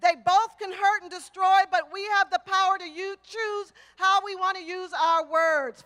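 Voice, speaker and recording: Rousing high-voiced woman at a rally. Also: fairly even intonation, moderate pace, hardly any pauses, pushed and bright. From Texas, United States. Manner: rousing, rhythmic repetition with crowd chants. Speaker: rally speaker. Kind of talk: rally speech with call and response. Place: outdoor rally before a large crowd.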